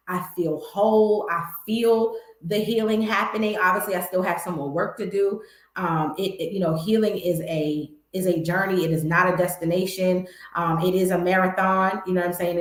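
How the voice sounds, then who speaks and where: A woman gives a motivational talk, candid and emphatic, speaking straight to her viewers. Her voice sits a little low. The sound is echoey, as if in a bare room. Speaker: host.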